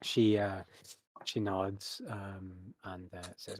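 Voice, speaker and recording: A man's voice: low voice, flat delivery, slow pace, dry recording. A man narrating a tabletop game as game master, rambling with many fillers.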